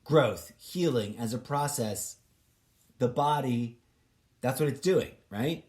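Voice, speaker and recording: A man's voice: mid-range voice, expressive, takes it slowly, darkish tone. A man hosting his own podcast, thinking aloud in a casual, rambling monologue that is full of restarts and loose asides. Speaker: podcast host.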